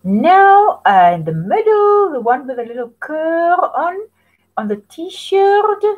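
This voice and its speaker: A woman's voice: very high-pitched, big pitch swings, narrow, tinny audio. A woman teaching French to young children, patiently modelling phrases for them to repeat. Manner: slow, patient, sing-song prompting for repetition. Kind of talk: children's language lesson.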